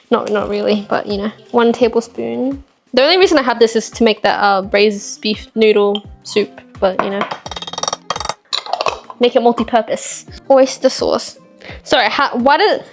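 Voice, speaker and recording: A woman vlogging casually while cooking in a home kitchen, chatty and self-mocking as she talks to herself. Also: fairly high pitch. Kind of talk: casual cooking vlog chat.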